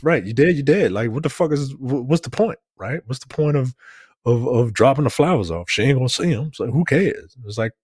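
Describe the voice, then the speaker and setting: A man co-hosting a relaxed film review conversation, his voice sitting at an ordinary mid pitch. He talks loosely, circling back with "like" and "right?" as he walks through scenes. The sound is dry and close, with no room around it. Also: brisk, slightly rough, dry recording. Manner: casual, animated retelling of scenes with acted-out quotes. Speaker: film review podcast co-host. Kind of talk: casual conversational film discussion.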